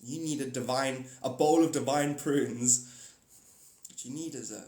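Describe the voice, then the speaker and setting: A man's voice: mid-range voice, unhurried, a little mellow. A man hosting a livestream, rambling casually about spirituality and laughing often. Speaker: livestream host. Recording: echoey room.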